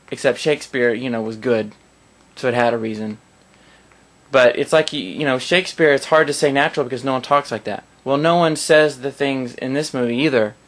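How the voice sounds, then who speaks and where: A man's voice: medium pitch, a bit bright. A man giving a casual spoken film review in a sarcastic, rambling, mocking way.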